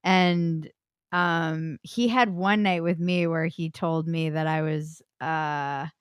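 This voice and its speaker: A woman's voice: low-pitched, fairly even intonation, slow pace, smooth, no echo, studio quality. A woman guest on a podcast, telling a personal story in a frank, blunt way, loose with fillers.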